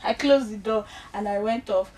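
Animated Nigerian woman, off-mic. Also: mid-range voice, normal speed, a crowd in the background. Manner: animated, acts out quoted dialogue. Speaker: guest storyteller. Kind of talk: casual chat, telling a personal story. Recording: voice from far off the mic.

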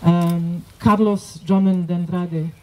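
A woman moderating a poetry workshop, explaining in a hesitant way with many pauses and fillers. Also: on the low side, fairly even intonation, darkish tone, poor audio. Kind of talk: academic discussion. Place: workshop room.

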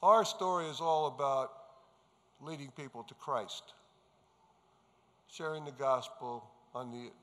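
A man's voice: medium pitch, pushed and bright. A man from New York giving an earnest, emphatic testimony speech to a gathering of pastors, telling his story as he goes. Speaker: conference speaker. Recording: reverberant hall sound.

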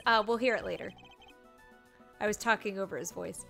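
A woman's voice: mid-range voice, brisk, vocal fry, sharp tone, faint music behind. A woman streamer giving casual commentary over a game, chatty and giggly. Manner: giggly, chatty, self-correcting.

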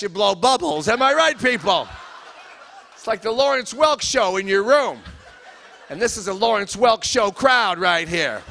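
Gravelly stand-up comic man, bright and high. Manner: crowd work, teasing the audience. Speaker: stand-up comedian. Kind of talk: stand-up comedy routine. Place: church hall before a live audience.

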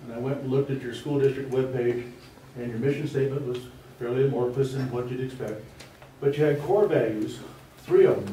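Man with a dark, echoey far-off voice. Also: medium pitch. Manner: formal, measured, pointed. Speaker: resident speaking at public comment. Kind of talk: public comment at a school board meeting. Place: large meeting room. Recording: echoey hall, mic at a distance, faint noise.

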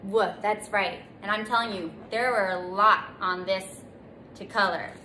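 A woman teaching a children's circle time lesson in a gentle, sing-song way, stretching out letter sounds for little ones to repeat. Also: medium pitch, steady tone, measured pace. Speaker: preschool teacher. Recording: echoey room, faint noise.

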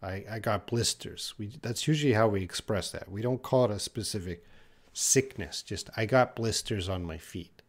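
A man teaching English in a live question-and-answer stream, reading viewer questions aloud and answering them patiently. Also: on the low side. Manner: slow, patient, reads viewer questions aloud then explains.

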